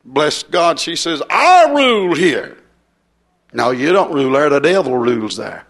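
A man's voice: medium pitch, animated, moderate pace, gravelly, fairly bright tone. A man preaching a fiery, folksy revival sermon.

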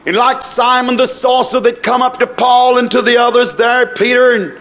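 A man's voice: very high voice, fairly even intonation, moderate pace, fairly bright tone. A man preaching a sermon emphatically, acting out the voices of the people he quotes.

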